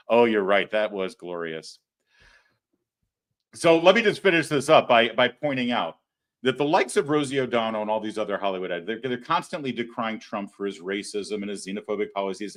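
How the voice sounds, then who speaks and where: A man hosting a live political commentary show, talking in a sarcastic, mocking way. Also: mid-range voice. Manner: sarcastic, mocking, animated delivery. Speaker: host.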